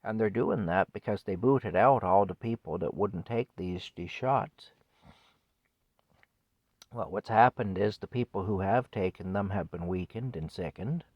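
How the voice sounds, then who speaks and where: A man in his fifties with a low voice delivers an indignant solo rant on his vlog. His talk is scornful, broken by wry chuckles. The sound is close and dry. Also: measured pace, no echo, muffled recording. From Canada. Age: 50s. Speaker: vlogger. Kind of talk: solo opinion rant to camera.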